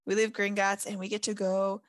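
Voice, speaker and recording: A woman's voice: medium pitch, flat delivery, fairly quick, dry recording. A woman co-hosting a casual book podcast, laughing often and playfully quoting characters. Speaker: podcast co-host. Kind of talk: casual book-discussion chat.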